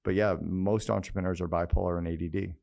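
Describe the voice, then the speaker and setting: A middle-aged man, a guest business mentor on a podcast interview, telling candid, energetic anecdotes. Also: sits low, fast talker, gravelly.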